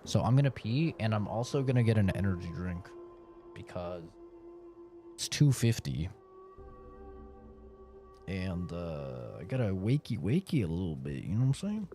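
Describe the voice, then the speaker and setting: A male game streamer chatting casually to his viewers, his pitch swinging lively up and down. Faint music plays behind him. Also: normal speed, pauses often. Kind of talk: casual live-stream chat.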